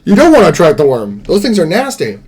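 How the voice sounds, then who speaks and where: A man's voice: on the high side, huge pitch swings, fast talker, darkish tone, slightly rough. A man chatting casually to viewers during a live stream, rambling and laughing easily. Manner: rambling, chatty, sings along and laughs often.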